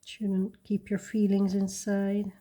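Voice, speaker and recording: A woman hosting a coloring video, chatting casually and rambling softly while she works at her desk. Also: medium pitch, completely flat delivery, takes it slowly. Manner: soft-spoken, rambling, with little laughs. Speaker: coloring channel host.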